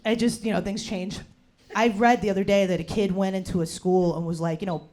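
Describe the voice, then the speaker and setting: A woman in her forties doing a stand-up set in a bar, ranting loudly and profanely with slangy fillers. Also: mid-range voice, animated, quick pace. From New Jersey. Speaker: stand-up comedian. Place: bar in front of a live audience. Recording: live crowd laughing in a bar. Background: audience laughter.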